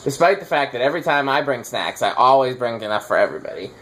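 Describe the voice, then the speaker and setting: A man's voice: medium pitch, sing-song, fast, fairly bright tone. A man hosting a casual chat while testing ceiling fans, rambling and teasing with lots of fillers. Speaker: fan collector host. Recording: faint background noise.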